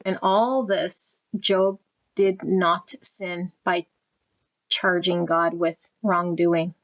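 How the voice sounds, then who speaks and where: A woman reading card texts aloud in a tarot deck flip-through at home, slowly and tenderly, easily moved. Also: fairly low pitch, steady tone, low-quality recording.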